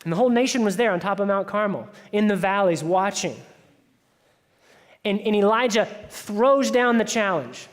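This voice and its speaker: A man preaching a sermon as pastor, telling the story in a conversational way and dropping into hushed asides. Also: high-pitched, normal speed. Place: church sanctuary. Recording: church hall with long reverb.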